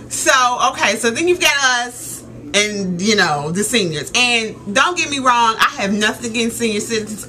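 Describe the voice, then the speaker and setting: A woman in her thirties telling a story in a casual, animated rant, laughing and exclaiming as she goes. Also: mid-range voice, a little hiss or hum. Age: 30s. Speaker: vlogger.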